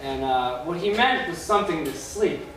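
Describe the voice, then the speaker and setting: A man's voice: on the high side, animated, normal speed, a bit bright. A young man doing a rambling stand-up comedy set in a club, loose and full of filler words. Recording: echoey club from a distance with noise.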